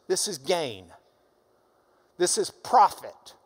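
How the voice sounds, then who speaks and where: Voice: mid-range voice, very animated, takes it slowly, pauses often. A Bible teacher giving a conversational classroom lesson, explaining terms with friendly asides.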